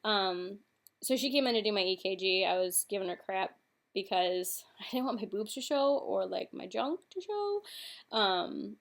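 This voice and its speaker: A young woman casually telling a personal story in a vlog, chatty and full of fillers. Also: mid-range voice. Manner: chatty, frequent fillers and "like", recounts in quick sequence. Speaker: vlogger.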